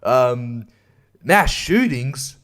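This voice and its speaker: A man's voice: mid-range voice, expressive, extremely slow, a bit bright. A man doing a mocking impression of a smug, preachy male stand-up comedian, drawn out and self-righteous.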